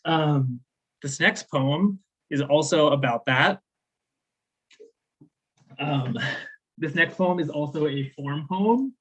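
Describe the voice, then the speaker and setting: A man raised in the American South, performing spoken word poetry at a slam with measured, deliberate delivery and casual, rambling asides between poems. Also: on the high side, a bit bright, breathy edge, dull audio. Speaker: slam poet.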